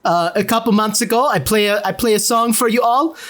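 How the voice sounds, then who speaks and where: A man with a high voice plays his character in a tabletop game. He rambles, hedges and fills pauses as he talks. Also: a bit bright. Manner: rambling, hesitant, with many fillers. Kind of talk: in-character role-play.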